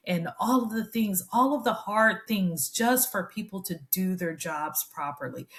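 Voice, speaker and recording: Emphatic lower-voiced woman guest. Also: fairly bright tone. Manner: emphatic, repeating phrases for weight. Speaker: guest, military family advocate. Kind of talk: interview storytelling.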